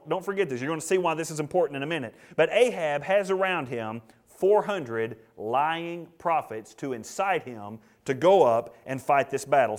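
A man preaching a sermon, acting out the characters' lines with swings between loud and hushed. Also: on the high side. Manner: dramatic, acts out the characters' lines. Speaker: pastor.

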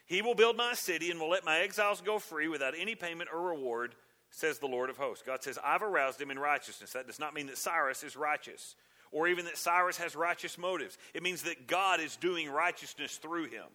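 Male pastor mid-sermon; earnest questioning delivery, bright and slightly high. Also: a little fast. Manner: earnest, questioning, reads scripture aloud.

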